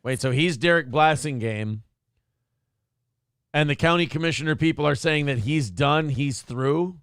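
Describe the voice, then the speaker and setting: A man's voice: a little high, unhurried, fairly bright tone, smooth, no room sound, studio quality. A man co-hosting a talk show, chatting casually and profanely with sarcastic, mocking asides. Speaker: morning show co-host.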